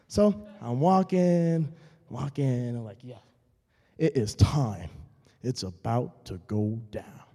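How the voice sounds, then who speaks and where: A young man, a student, telling a true comic story on stage into a handheld mic, animated and repeating phrases for laughs. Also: medium pitch, slow. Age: young adult. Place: auditorium stage. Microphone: handheld microphone. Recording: long hall reverb.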